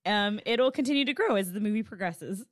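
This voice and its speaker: A woman's voice: medium pitch, expressive, a little fast, dry recording, clean studio sound. A married woman talking frankly about a movie in casual chat, swearing and laughing easily. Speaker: co-host.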